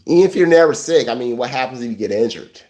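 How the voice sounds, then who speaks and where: A man's voice: medium pitch, expressive, quick pace, a little mellow, rough recording. A man hosting a casual livestream, talking about insurance in a rambling way, repeating himself and restarting his sentences. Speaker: livestream host. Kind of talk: casual livestream talk to viewers.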